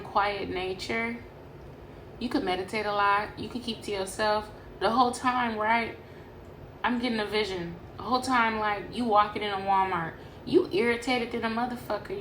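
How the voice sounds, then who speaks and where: A woman's voice: mid-range voice, slight background noise. A young woman from Sacramento giving a casual tarot reading to camera, rambling and swearing freely. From Sacramento, California. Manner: profane, animated, rambling. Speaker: tarot reader. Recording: echoey room with faint ambience.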